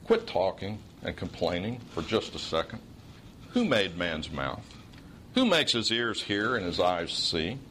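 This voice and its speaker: A man with a Southern accent voicing God as a patient, commanding deity in a sermon, speaking slowly and gravely. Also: big pitch swings, fairly bright tone, slight background noise, exaggerated voice. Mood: rebuking. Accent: Southern US (Oklahoma). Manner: slow, low, measured scripture reading.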